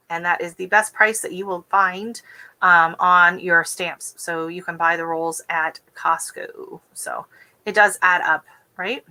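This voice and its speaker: A woman from the West Coast of the United States hosting a casual gardening livestream, talking quickly and chattily with easy giggles. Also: on the low side, pushed and bright, low-quality recording. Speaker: gardening channel host.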